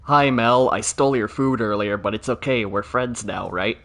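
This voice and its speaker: A man's voice: medium pitch, normal speed, fairly bright tone. A man streaming a video game, joking sarcastically and chatting with viewers. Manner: joking, sarcastic, talks to chat. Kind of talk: casual game commentary.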